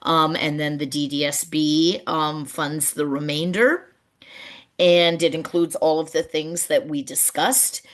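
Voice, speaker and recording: A middle-aged woman presenting on a video call webinar about community gardens, telling stories and lively when she quotes people. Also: sits low, unhurried. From Canada. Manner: warm storyteller, animated when quoting people.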